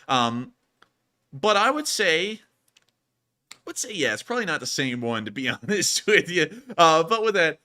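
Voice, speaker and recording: A man hosting a casual live stream, animated and quick to laugh. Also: a little high. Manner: animated, laughs often, says y'all. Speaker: host.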